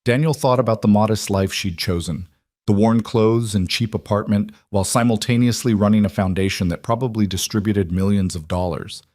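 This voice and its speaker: A man narrating a scripted drama story in a measured, even reading. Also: fairly low pitch, no echo, clean studio sound.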